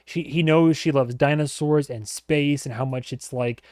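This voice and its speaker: A man's voice: fairly high pitch, steady tone, moderate pace, a little mellow, dry recording. A man hosting a reaction video, talking casually and rambling with lots of fillers, laughing often.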